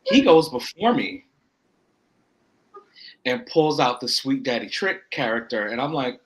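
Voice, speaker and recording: A man from Florida, a wrestler guesting on a podcast, telling a rambling story full of quoted self-talk and quick asides. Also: medium pitch, expressive, rough recording. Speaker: indie pro wrestler guest. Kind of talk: casual podcast chat.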